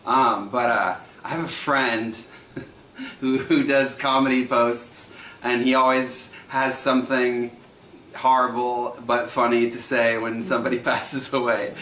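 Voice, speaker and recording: Man hosting trivia, thirties, chatty and laughing, bright voice, roomy home sound, faint hum. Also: mid-range voice, level tone, a little slow. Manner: chatty, laughs often, repeats questions. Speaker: trivia night host.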